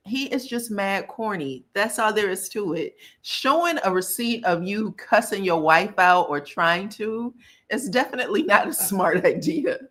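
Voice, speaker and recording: A woman's voice: medium pitch, sharp tone. A woman hosting casual pop culture commentary, sassy and blunt, cussing freely as she reacts.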